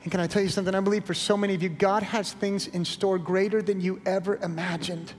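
A man's voice: high-pitched, flat delivery, quick pace, slight background noise. A middle-aged male pastor preaching a sermon with earnest, pleading encouragement, then leading a prayer. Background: guitar music.

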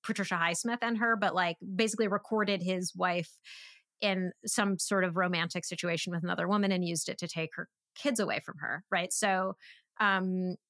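A woman co-hosts a relaxed podcast chat about a film, her talk full of "like" and "um" as she restarts her sentences. The sound is dry and close. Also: on the low side, moderate pace, no echo. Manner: chatty, many fillers and restarts. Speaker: podcast co-host. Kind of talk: casual film discussion.

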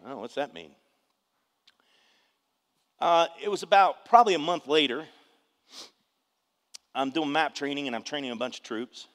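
A man's voice: fairly high pitch, animated, moderate pace, pauses often. A man preaching a sermon with personal testimony, emphatic and calling on the congregation for responses. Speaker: pastor. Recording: reverberant hall.

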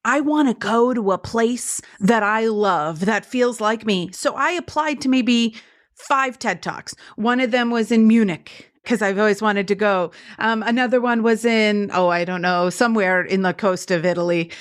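A woman guest on a podcast interview, telling stories in a lively way and acting out the voices of people she quotes, talking from her home studio. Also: mid-range voice, moderate pace. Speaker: guest speaker.

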